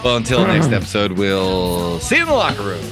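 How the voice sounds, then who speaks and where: A man's voice: on the low side, wildly swooping pitch, a little fast, over music. A man hosting a podcast in casual chat, telling long jokes with frequent laughter and swearing. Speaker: podcast host.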